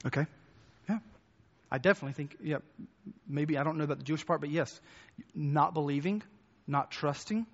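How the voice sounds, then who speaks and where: High-voiced pastor in an echoey hall. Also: male voice, fairly quick, long pauses. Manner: conversational, restarts and repeats words, asks the congregation questions. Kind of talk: sermon. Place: church hall with congregation. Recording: muffled, echoey church hall.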